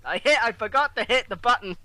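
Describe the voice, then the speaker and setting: A man's voice: extremely high pitch, animated, moderate pace. A young man co-hosting a casual podcast, swearing a lot and exasperated. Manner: profane, exasperated, laughing. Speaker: podcast co-host. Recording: loud noisy home mic line.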